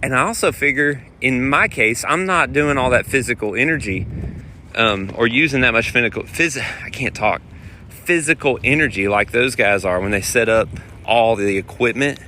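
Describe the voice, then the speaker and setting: A man, a touring guitar player, telling road stories in a rambling, animated way while walking outdoors. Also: medium pitch, normal speed. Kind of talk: casual vlog storytelling. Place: outdoors on city streets. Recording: outdoor street noise and wind.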